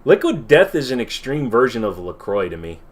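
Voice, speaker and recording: A man in his middle pitch range who hosts a casual livestream Q&A. He rambles from one viewer comment to the next and swears freely as he goes. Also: sing-song, brisk. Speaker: livestream host.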